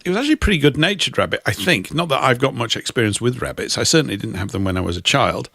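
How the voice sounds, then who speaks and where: Casting: middle-aged Englishman, dry rambling storyteller, lively pitch, close dry sound. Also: very fast, vocal fry, no room sound. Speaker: co-host. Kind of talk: casual chat.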